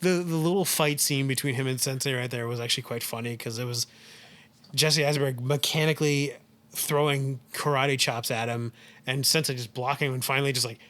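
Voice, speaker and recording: A man's voice: mid-range voice, fairly even intonation, fairly quick, fairly bright tone. A man co-hosting a podcast, casually retelling a film's plot with lots of "like" and "um". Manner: rambling, heavy use of "like" and "um". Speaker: podcast co-host.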